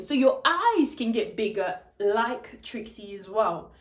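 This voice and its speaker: A woman's voice: fairly high pitch, very animated, slow, roomy sound. A woman teacher giving chatty, demonstrative tips on telling stories to children. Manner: chatty, demonstrative, switches into character voices. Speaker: English teacher.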